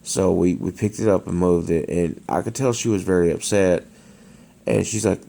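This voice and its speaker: Low gravelly man telling a story. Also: normal speed, warm tone. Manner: hesitant, many restarts and fillers. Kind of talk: casual spoken storytime. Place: dark room at home.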